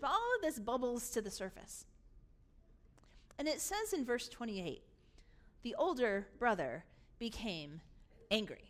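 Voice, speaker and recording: A woman pastor preaching a sermon. She tells the story in an animated way and acts out its scenes. Her voice sits high, and her pitch moves a lot.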